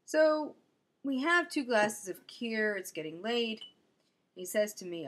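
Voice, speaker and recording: A woman's voice: fairly high pitch, expressive, slow. A young woman telling a true story about herself in a wry, self-mocking comic manner. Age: young adult. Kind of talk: first-person storytelling.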